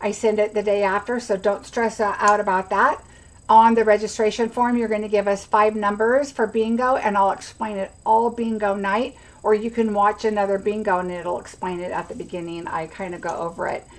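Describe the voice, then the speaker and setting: A woman's voice: medium pitch, little pitch movement, normal speed, poor audio. A middle-aged woman hosting a casual craft livestream, rambling chattily and greeting viewers by name. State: has the hiccups.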